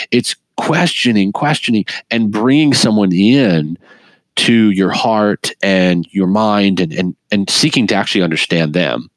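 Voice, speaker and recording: A middle-aged man speaking as an interview guest, telling his story in an earnest, animated way with frequent laughs and restarts. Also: fairly low pitch, a little slow, no room sound. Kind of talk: earnest conversational testimony.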